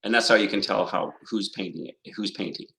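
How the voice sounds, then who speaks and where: A man's voice: on the low side, fairly quick, bright, forceful tone, low-quality recording. Rambling, laughing Canadian man on a video call. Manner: rambling, laughs often, jokey. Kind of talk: casual chat on a video call.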